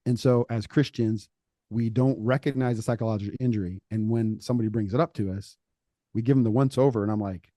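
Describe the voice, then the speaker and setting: Man with a low, mellow voice. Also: brisk, no room sound. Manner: animated storytelling, acts out quoted voices. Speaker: podcast co-host. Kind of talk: casual faith talk.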